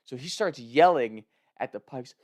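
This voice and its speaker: A young man casually telling a wild story, animated, laughing and shouting out the lines he quotes. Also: mid-range voice, moderate pace.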